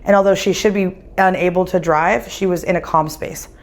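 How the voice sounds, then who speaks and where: A woman's voice: fairly low pitch, fairly quick. A woman, a psychic medium, telling stories in casual conversation and acting out the dialogue as she goes. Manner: animated, acts out quoted dialogue. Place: winery.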